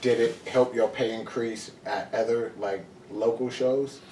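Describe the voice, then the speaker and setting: A man hosting a podcast, asking relaxed questions and telling a quick anecdote. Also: medium pitch, slight background noise. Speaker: podcast host. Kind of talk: casual podcast chat. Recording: roomy, distant mic with faint ambience.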